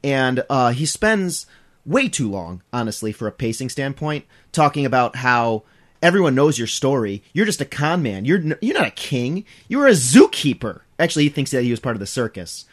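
A man's voice: medium pitch, moderate pace. A man in casual chat, animatedly recounting a story and acting out the characters. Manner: animated retelling, acts out characters.

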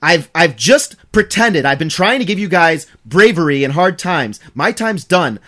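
A man's voice: fairly high pitch, very animated, slow, husky, full character voice. A man voicing a wounded middle-aged king who is resigned and earnest, speaking in a pleading, solemn way.

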